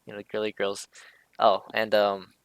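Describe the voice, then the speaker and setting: A man's voice: lowish voice, completely flat delivery, normal speed, gravelly, a bit bright, clean tone, dry recording. A man talking casually over a drawing, hesitant, with many fillers and restarts. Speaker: streamer explaining a drawing.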